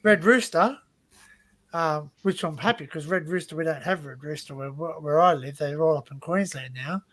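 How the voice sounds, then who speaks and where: Male host, Australian accent, high-set voice, chatty and rambling with laughs, video call. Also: moderate pace, a bit bright. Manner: rambling, laughing, repeats himself. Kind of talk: casual panel chat on a livestream.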